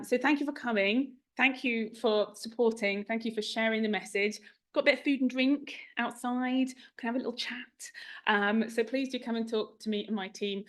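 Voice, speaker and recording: A woman's voice: mid-range voice, fairly bright tone. Woman chairing a launch, chatty and informal, rattling through thanks. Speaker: review chair giving closing thanks. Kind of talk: event speech. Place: event room at a launch.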